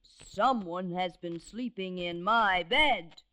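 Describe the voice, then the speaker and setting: A woman voicing a gruff big papa bear with a booming, grumbling manner, on an old storybook record over orchestra music. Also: takes it slowly. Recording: dull old vinyl record.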